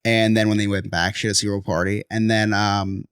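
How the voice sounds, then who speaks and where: A man's voice: lowish voice, level tone, brisk, a bit bright, clear, resonant tone, dry recording. Philly guy in his 30s, podcast cohost, rambling stories, dry mic. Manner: rambling storyteller, laughs often. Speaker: podcast co-host. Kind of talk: casual chat.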